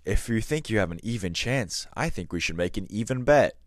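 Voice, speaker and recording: A shrewd young hill boy, voiced by a man reading a story aloud. He speaks in a low, calm, measured way, close to the narrator's own deep voice. The sound is dry and close. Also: no echo, close to an everyday voice. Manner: calm, measured, quietly confident.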